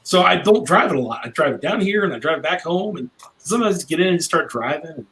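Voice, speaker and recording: A man's voice: on the high side, animated, fast talker, fairly bright tone, low-quality recording. A brash middle-aged man, a cigar maker guesting on a podcast, telling a long rambling story in casual chat.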